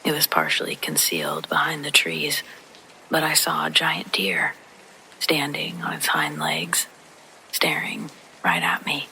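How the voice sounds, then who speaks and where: A narrator whispering a true horror story in a soft, hushed voice, with faint rain behind. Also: low-pitched, sing-song, a little slow, gravelly, slight background noise, poor audio.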